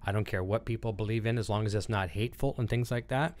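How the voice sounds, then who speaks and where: A man's voice: fairly low pitch, steady tone, fast talker, a little mellow. Rambling man hosting a livestream. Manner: rambling, reads chat comments aloud, frequent fillers. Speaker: livestream host. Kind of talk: casual livestream chat.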